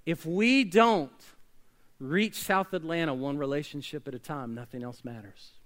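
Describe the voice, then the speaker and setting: A man preaching a sermon as pastor, swinging between loud emphatic bursts and quiet hushed lines. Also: a little high. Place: church sanctuary.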